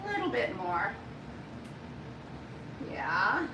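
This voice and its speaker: A woman's voice: medium pitch, sing-song, extremely slow, roomy sound, far from the mic, background noise. A woman hosting a live cooking demonstration, chatty and folksy as she talks straight to her viewers from her home kitchen. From United States. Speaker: cooking show host.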